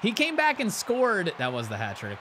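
A young man giving loud, excited commentary while playing a hockey video game, trash-talking and cheering. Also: high voice, moderate pace, a little hiss or hum. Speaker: gaming channel host.

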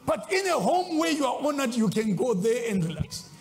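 A man preaching a sermon as a bishop, swinging between loud exclaims and low asides. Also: big pitch swings, normal speed, faint music behind. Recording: long hall reverb.

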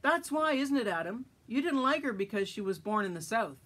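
A woman's voice: fairly high pitch, sing-song, fairly quick, fairly bright tone, breathy edge, pitched above the performer's own voice, full character voice. A woman reading a story aloud, voicing an impulsive young male cowboy who keeps pressing with questions. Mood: insistent.

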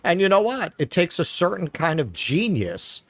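A man's voice: high voice, wildly swooping pitch, normal speed, fairly bright tone, dry recording. A man with a New York accent co-hosting a political commentary show, sarcastic and profane, reading news aloud with mocking asides. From Queens, New York. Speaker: podcast co-host.

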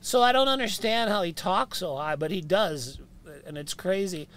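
A man from Canada with a high, raspy speaking voice, telling stories in casual chat and swearing freely. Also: normal speed, a bit bright. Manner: swears freely, jumps into voices mid-story. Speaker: podcast guest. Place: inside a van. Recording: faint noise in a vehicle.

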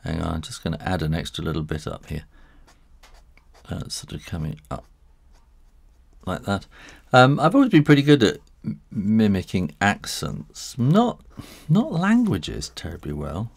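A man's voice: sits low, huge pitch swings, measured pace, vocal fry, slightly rough, no echo. A man who illustrates books, talking through a live drawing tutorial in a chatty, rambling way with frequent chuckles, working in a studio next to his house. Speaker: illustrator and author.

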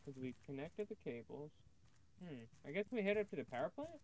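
A man chatting casually while playing a co-op game, laid-back and thinking out loud. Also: on the high side, sing-song, a little fast, a little hiss or hum, poor audio. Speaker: gamer. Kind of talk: casual gaming chat.

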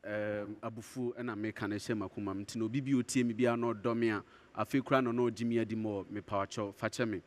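A man's voice: lowish voice, steady tone, quick pace. A man with a Ghanaian accent, a musician giving interview answers and earnestly explaining himself.

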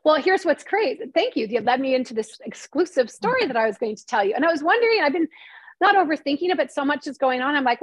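High-voiced woman telling stories animatedly. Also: dry recording, rough recording. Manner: animated, fast storytelling with many restarts. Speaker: screenwriter and novelist guest. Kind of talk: casual interview talk.

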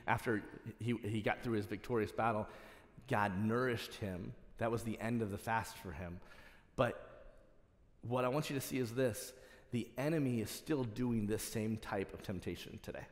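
A male pastor delivering a sermon, passionate and building to emphatic exhortation. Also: lowish voice. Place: church sanctuary. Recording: long reverb of a church hall.

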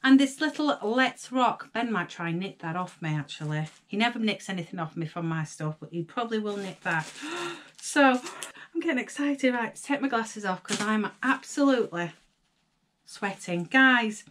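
A young woman with a Northern English accent, chatting excitedly to viewers as she unboxes jewellery. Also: medium pitch, normal speed, a little hiss or hum. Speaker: vlogger. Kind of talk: casual unboxing chat.

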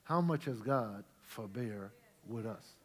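A middle-aged male pastor preaching, swinging from quiet storytelling to loud, shouted praise. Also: on the low side, expressive, slow. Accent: St. Louis Black American Southern-tinged. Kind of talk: preaching a Bible study sermon. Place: church sanctuary with congregation.

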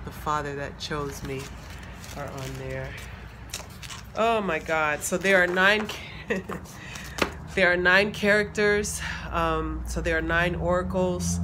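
A woman, excitedly chatting to her viewers, laughing and calling them y'all. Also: low-pitched. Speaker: playwright unboxing a project deck. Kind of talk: casual vlog talk. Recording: background noise.

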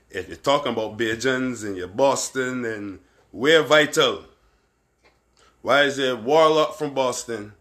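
Bright, forceful Barbadian man rambling. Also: medium pitch. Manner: candid, profane, rambling, shouts out viewers by name. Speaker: host of a livestream show. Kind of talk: casual live-stream commentary.

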